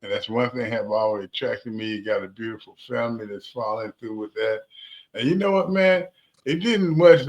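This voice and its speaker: A man's voice: medium pitch, moderate pace, rough recording. Joking, praising man co-hosting. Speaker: co-host, former football player. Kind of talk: casual studio chat.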